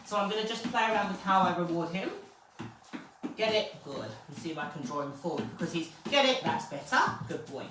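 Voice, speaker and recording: A woman dog trainer, explaining steps calmly and then praising the dog in a high, excited voice. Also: fairly quick, background noise. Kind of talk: live training session commentary. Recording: very echoey, distant from the mic.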